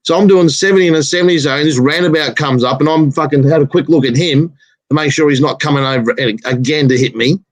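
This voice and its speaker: A man's voice: a little high, fairly even intonation, fast, no room sound, low-quality recording. A man telling a blunt, swearing driving story in casual chat.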